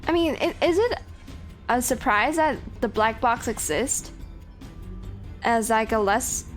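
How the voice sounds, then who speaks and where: A woman's voice: fairly high pitch, expressive, takes it slowly. A woman streaming a video game, chatting casually, bluntly and self-deprecatingly, swearing often. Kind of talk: casual gameplay commentary. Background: game music.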